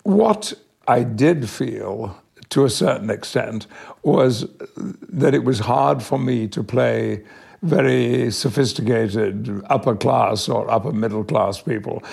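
An older man from Yorkshire, an actor, telling measured, thoughtful anecdotes in an interview. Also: mid-range voice, gravelly, a little mellow, slightly rough. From Yorkshire, England. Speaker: actor, guest. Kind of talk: reflective interview storytelling.

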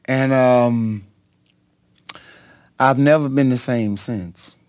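A middle-aged man, a pastor, telling his life story in an interview in a dramatic, halting way, with many ums and sudden leaps in pitch. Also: darkish tone, dry recording, clean studio sound. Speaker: pastor and singer, interview guest.

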